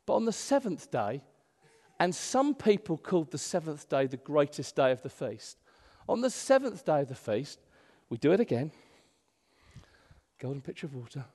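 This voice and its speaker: Male pastor, fairly high voice, preaching in a church with a long hall echo. Animated, from loud to hushed. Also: moderate pace. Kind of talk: sermon.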